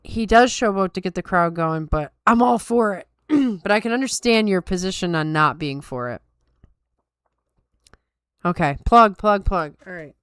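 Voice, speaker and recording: A woman's voice: medium pitch, expressive, a little slow, clean tone, no room sound, clean studio sound. A tired woman hosting a podcast, chatting casually and wryly with her viewers. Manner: wry, self-deprecating chatter. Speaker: podcast host. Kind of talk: casual chat with live chat.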